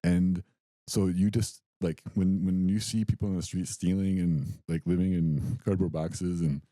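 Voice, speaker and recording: A man's voice: low voice, a little slow, no echo. A young adult man co-hosting a podcast, telling a story in casual chat and acting out the quotes. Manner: animated storytelling, acts out quotes. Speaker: podcast co-host.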